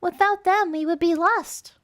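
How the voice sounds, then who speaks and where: A woman voicing a young female apprentice cat from a fanfic, dramatic and flustered, in a high, overwrought delivery. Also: steady tone, measured pace.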